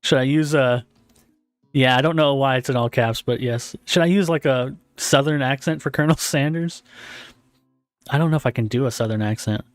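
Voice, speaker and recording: A man's voice: medium pitch, normal speed, no room sound, soft background music. A man streaming a game and reading it aloud, chatty and self-deprecating, laughing often.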